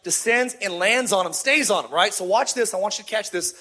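A middle-aged man, a lead pastor, preaching a sermon in a lively, conversational way with repeated phrases. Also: sits high, brisk, breathy edge.

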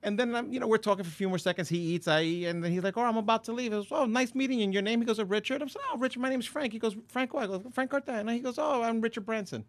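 Male storyteller, animated quotes and stumbling repeats, slightly higher voice, dry close sound. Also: rapid-fire, few pauses, no echo. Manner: acts out quoted dialogue, repeats words when excited. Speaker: guest storyteller. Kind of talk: casual storytelling.

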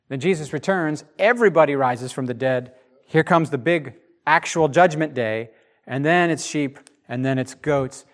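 A man teaching the Bible in a casual podcast chat, animated and emphatic, with frequent restarts. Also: medium pitch.

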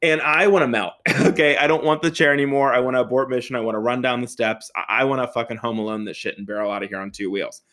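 A man from the Pittsburgh area telling a comedic personal anecdote, animated and profane, laughing often and acting out what people said. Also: medium pitch, fast talker, hardly any pauses. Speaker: storyteller.

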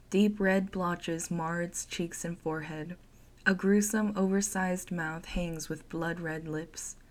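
A woman narrating a first-person horror story in an expressive, dramatic way. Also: on the low side.

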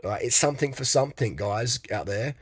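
A man's voice: mid-range voice, lively intonation, a little fast, breathy edge, no room sound. A man hosting a podcast, talking in a blunt, crude, rambling monologue. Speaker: podcast host. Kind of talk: casual monologue.

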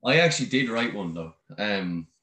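A man's voice: lowish voice, expressive, moderate pace, bright, forceful tone, a little hiss or hum. A young Irish man in casual chat, easygoing and teasing, swearing now and then.

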